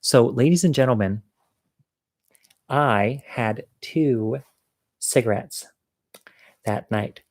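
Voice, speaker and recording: A man shares a personal story over a livestream in a candid, chatty way. He pokes fun at himself and laughs at his own jokes. His voice sits at a middle pitch, recorded dry with no room sound. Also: takes it slowly, pauses often, no room sound. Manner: candid, self-mocking humor.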